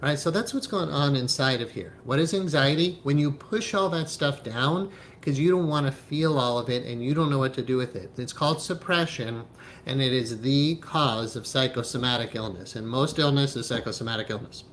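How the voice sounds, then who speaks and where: A man's voice: medium pitch, a little fast, fairly bright tone, slight background noise. A man giving a spiritual teaching talk on hypnotherapy, speaking emphatically, often checking in with "right?" and laughing as he goes.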